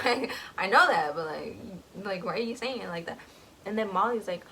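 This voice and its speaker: A woman's voice: medium pitch, a little slow, a bit bright, slight background noise, low-quality recording. A woman casually recapping a book, rambling, with lots of filler words.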